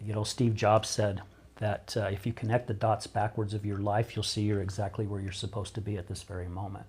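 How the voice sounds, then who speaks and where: Middle-aged man, low voice, raw and open guest, circles back on his words. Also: darkish tone. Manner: emotional, open, rambling with repeated starts. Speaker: podcast guest, recovery coach. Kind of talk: candid interview conversation.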